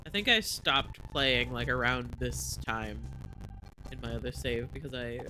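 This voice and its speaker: A man's voice: mid-range voice, a little slow, pushed and bright, a little hiss or hum. A man streaming a game, chatting casually with playful, gushing asides. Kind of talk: casual gameplay commentary.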